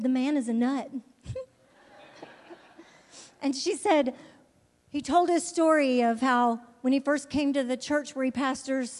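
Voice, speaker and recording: A woman's voice: fairly high pitch, darkish tone. A woman giving a fervent missionary testimony as a sermon, repeating words and restarting her sentences. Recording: long reverb of a large hall.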